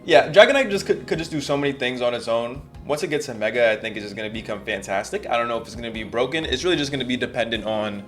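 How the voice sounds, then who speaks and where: An excitable man talking casually with a co-host, often breaking into laughter mid-sentence. His voice sits at an ordinary middle pitch. Faint music plays softly behind him. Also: rapid-fire, hardly any pauses. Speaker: co-host of a competitive game discussion. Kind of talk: casual chat.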